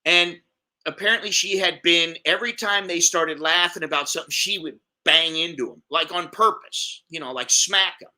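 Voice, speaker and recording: A man's voice: a little high, normal speed, sharp tone. A middle-aged American man telling a rambling story in a casual vlog, repeating words and acting out what others said. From United States. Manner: rambling, repeats words, acts out quoted voices. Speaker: expat vlogger.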